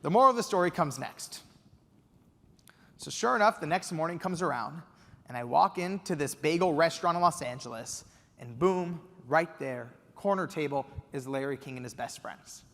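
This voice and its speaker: A young man giving a keynote speech, telling an animated story with excited quoted outbursts. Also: on the high side, normal speed, creaky. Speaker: keynote speaker. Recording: reverberant hall.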